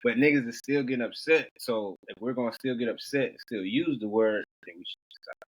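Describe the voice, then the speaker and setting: A man's voice: mid-range voice, a little fast, low-quality recording. A man in a casual group discussion, talking earnestly and thoughtfully in slang. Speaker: podcast co-host.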